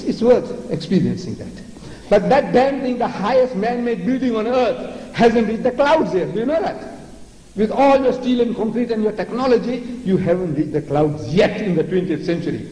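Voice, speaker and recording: Sarcastic older lecturer in echoey hall. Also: male voice, high voice, mellow, a little hiss or hum. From South Africa. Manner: sarcastic, theatrical, mocking. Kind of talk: public religious lecture.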